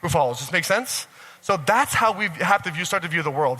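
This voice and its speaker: A man giving an animated, profane motivational talk to a live audience, often checking whether the crowd follows him. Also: high-pitched, fairly quick. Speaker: speaker at a personal growth expo. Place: large event hall. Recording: reverberant live hall sound.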